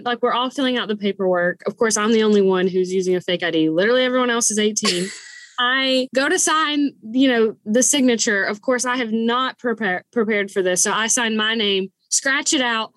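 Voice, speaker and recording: A woman co-hosting a podcast, telling a story in a casual, animated way and laughing often. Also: on the high side, dry recording. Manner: animated, laughing storyteller who acts out quoted voices. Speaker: podcast co-host.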